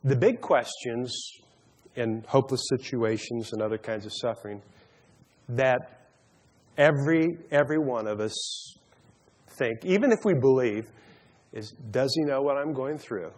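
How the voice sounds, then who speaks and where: This man's medium-pitched voice has a darkish tone, and he keeps a measured pace with frequent pauses. Teaching a Bible study sermon, he mixes storytelling with a joke while stumbling over and repeating words, all in long hall reverb.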